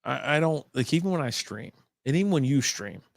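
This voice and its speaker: A man ranting bluntly and casually as a podcast co-host, swearing freely. His voice sits at a middle pitch for a man. It is recorded close and dry. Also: lively intonation, fairly quick, gravelly, no echo. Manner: blunt, profane, exasperated rants. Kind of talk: casual chat over drinks on a livestream.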